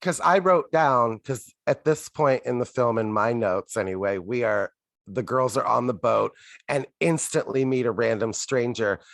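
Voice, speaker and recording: A man's voice: medium pitch, unhurried, gravelly, fairly bright tone, no room sound. A man in his forties co-hosting a comedy podcast, reading from his notes in a blunt, exasperated, swearing manner. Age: 40s. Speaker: podcast co-host. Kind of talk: casual comedic recap chat.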